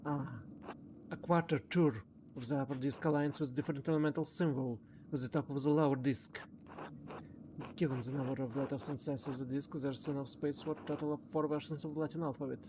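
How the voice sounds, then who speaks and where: Streamer, mid-pitch, halting, reads game text aloud in casual commentary. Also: steady tone, noisy background. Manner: thinks aloud, halting with repeated words. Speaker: streamer playing a narrative game.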